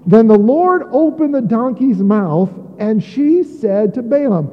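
High-voiced pastor, tinny echoing hall. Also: male voice, lively intonation, a little slow. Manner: conversational with joking asides. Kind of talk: sermon. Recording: tinny phone-like audio with long hall reverb.

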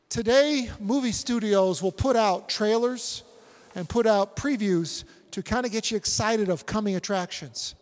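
A man in his forties preaching a sermon, animated and acting out scripture scenes. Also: high voice, long reverb tail. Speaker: pastor.

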